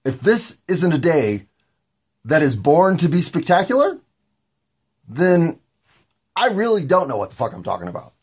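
A man with a gravelly voice hosting a podcast, talking in a candid, meandering solo monologue with occasional swearing. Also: a little high, big pitch swings, normal speed, long pauses. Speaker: podcast host.

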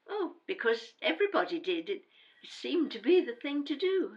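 An actress playing a grown daughter, a firm and defensive housewife, in an audio drama. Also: female voice, high-pitched, very animated, moderate pace, lo-fi sound. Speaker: adult daughter.

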